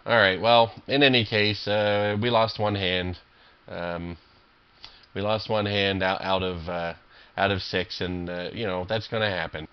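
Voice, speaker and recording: Low-voiced man ranting over poker. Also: fairly even intonation, measured pace, clean tone, muffled recording. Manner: irritable, swearing, rambling with many fillers and restarts. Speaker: online poker player commentating his own games. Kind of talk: profane live game commentary.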